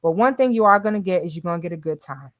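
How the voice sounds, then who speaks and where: A woman's voice: on the low side, animated, very fast, no echo, lo-fi sound. A woman hosting a casual livestream who chats with her viewers, calls them y'all and laughs often. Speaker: livestream host reading the chat.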